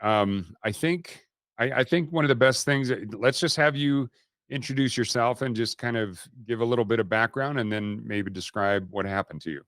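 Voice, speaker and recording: A man's voice: mid-range voice, moderate pace, fairly bright tone, no room sound, clean studio sound. A man hosting a podcast interview, introducing his guest in a slightly rambling way. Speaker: host.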